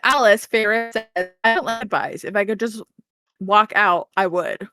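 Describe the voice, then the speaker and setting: A woman's voice: mid-range voice, normal speed, pushed and bright, faint music behind. A woman co-hosting a podcast, telling a book's plot casually and acting out characters' lines with laughter. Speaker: podcast co-host. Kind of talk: casual book recap chat.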